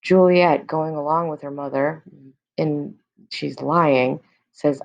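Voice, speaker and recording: A woman's voice: sits low, steady tone, a little slow, vocal fry. A woman teacher explaining a play in casual everyday words, with many fillers.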